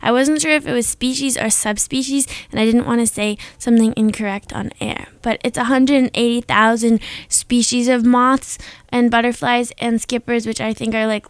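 Young woman, radio co-host, casual on-air chat, excitable and gushing, fairly high voice, dry close sound. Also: smooth, dry recording. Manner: chatty and excitable, gushing over facts.

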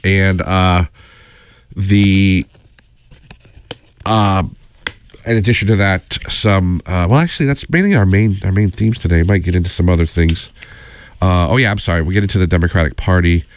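A man's voice: low voice, normal speed, long pauses, smooth. A man hosting a community radio show, talking unscripted in a rambling, digressive, earnest way from a radio studio.

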